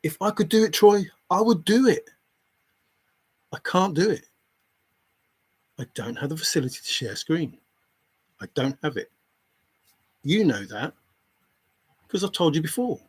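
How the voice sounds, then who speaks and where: Exasperated man lecturing, fairly high voice. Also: sing-song, a little slow, pauses often, husky. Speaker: treasure hunt commentator. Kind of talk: heated live stream rant.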